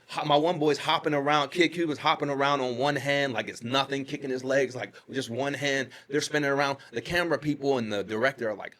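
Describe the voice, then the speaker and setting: A podcast guest from Pittsburgh, USA, tells a story in casual conversation. His retelling is animated, and when he acts out quotes his voice jumps up high.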